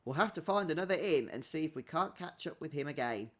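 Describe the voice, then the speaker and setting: A man's voice: a little high, animated, fast talker, fairly bright tone. A man hosting a let's-play, chatting wryly as he plays and reads the game text aloud. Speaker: gaming channel host.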